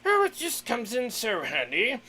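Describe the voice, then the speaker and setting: A man's voice: extremely high pitch, huge pitch swings, unhurried, bright, forceful tone, a little hiss or hum, voice pushed up, exaggerated voice. A man voicing a pompous, refined male English aristocrat with a plummy, theatrical manner. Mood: gushing. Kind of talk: livestream chat bit.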